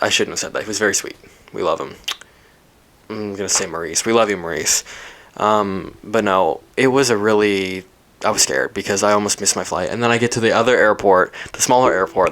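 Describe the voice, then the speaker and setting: Candid rambling young man, low voice. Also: moderate pace, a bit bright. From Canada, British Columbia. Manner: rambling, candid, swears freely, lots of fillers and restarts. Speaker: podcast host. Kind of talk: casual solo podcast storytelling.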